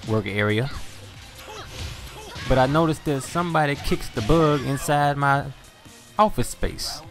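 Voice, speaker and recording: Over soft background music, a man's mid-range voice moves at a measured pace as he tells relaxed, profane stories during gameplay. He's a gaming video host from Louisiana with a Southern US accent.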